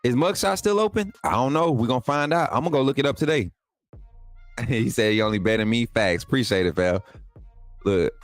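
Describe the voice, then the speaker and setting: A man hosting a casual livestream, talking loosely with his viewers and jumping up in pitch when he gets excited. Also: moderate pace, pauses often, dry recording, faint music behind. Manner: laid-back, talks to chat as "man" and "y'all", pitch jumps up when excited. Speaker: livestream host. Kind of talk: casual livestream chat reading viewer comments.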